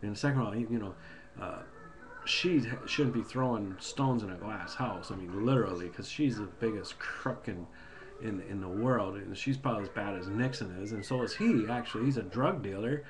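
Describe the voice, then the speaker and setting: Man, low voice, rambling heated rant, webcam recording, faint background noise. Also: normal speed. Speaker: video blogger. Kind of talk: casual political rant.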